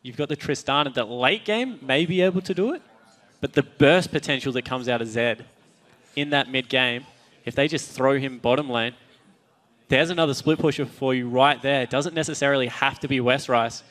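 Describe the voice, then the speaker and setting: A man's voice: medium pitch, brisk, a bit bright. A man with an Australian accent casting an esports match, explaining strategy in detail. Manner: analytical, explains game mechanics at length. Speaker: esports caster. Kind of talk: esports commentary.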